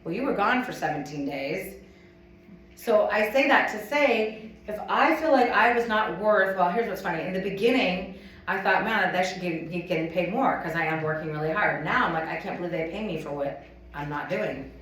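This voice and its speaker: A woman giving a chatty, animated sales training talk to a live audience, acting out little scenes as she goes. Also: fairly low pitch, moderate pace, slight background noise. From United States. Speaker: motivational speaker at a sales event. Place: conference room with a live audience. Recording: echoey room, from a distance.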